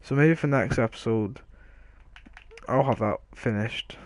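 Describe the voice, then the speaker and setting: A man's voice: mid-range voice, a little slow. Rambling man narrating his gameplay. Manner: rambling, self-deprecating, trails off mid-sentence. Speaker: gaming video host. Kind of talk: casual let's play commentary.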